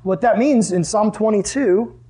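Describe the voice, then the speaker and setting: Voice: medium pitch, measured pace, dark tone, breathy edge. A Bible teacher leading a lesson for a group. They talk in a casual, conversational way and ask the listeners questions.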